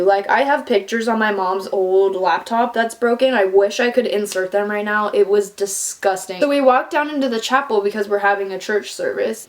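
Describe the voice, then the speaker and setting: A young woman telling a personal story in a casual, animated way, full of "like" and the odd swear word. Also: medium pitch. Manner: animated, fillers of "like", swears for emphasis.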